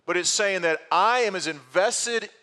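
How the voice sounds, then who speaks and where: A man's voice: high-pitched, a little slow, sharp tone, long reverb tail. A man preaching an expository sermon, teaching patiently with rhetorical questions and frequent restarts. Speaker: pastor.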